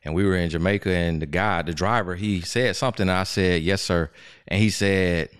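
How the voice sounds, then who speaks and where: A man's voice: low voice, steady tone, normal speed, smooth, no echo, studio quality. A man in his thirties from Florida with a Southern accent, a guest life coach chatting casually and telling stories. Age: 30s. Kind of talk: casual podcast chat.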